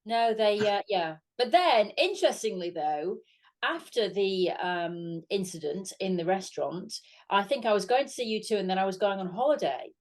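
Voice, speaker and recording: A middle-aged British woman co-hosting a casual chat, telling an animated anecdote. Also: mid-range voice, normal speed. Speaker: co-host.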